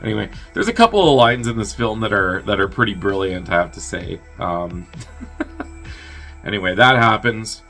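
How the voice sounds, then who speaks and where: A man's voice: lowish voice, lively intonation, normal speed, sharp tone, soft background music. A man hosting a movie review show, casually recapping a plot in a rambling, wry way and laughing at his own jokes. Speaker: movie review podcast host.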